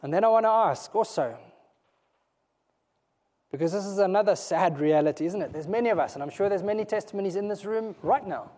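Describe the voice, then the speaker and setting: A man preaching a sermon in a church, earnest and pleading, his voice often dropping low and soft before rising again. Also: brisk, highs cut off. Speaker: pastor.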